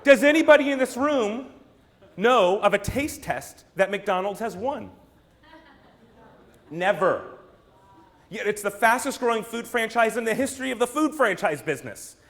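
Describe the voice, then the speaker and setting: A man's voice: high-pitched, lively intonation, normal speed, long pauses, a bit bright. A man from the United States giving an emphatic keynote talk to a room, firing rhetorical questions and theatrical asides at the audience. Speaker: brand strategist, speaker.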